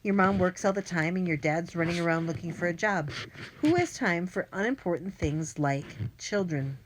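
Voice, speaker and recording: A woman's voice: lowish voice, expressive, moderate pace, a little hiss or hum, natural voice. A woman voicing a smug, oily villain. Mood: menacing. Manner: oily, mocking, falsely friendly. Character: sleazy, smug grown man villain, dog warden. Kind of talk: audiobook character voice.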